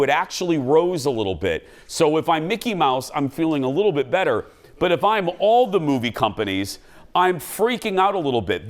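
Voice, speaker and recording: A talk show host keeps his delivery bouncy, jokey and excitable as he chats on a studio stage in front of a live audience. His pitch sits a little high for a man, and his intonation swings all over the place.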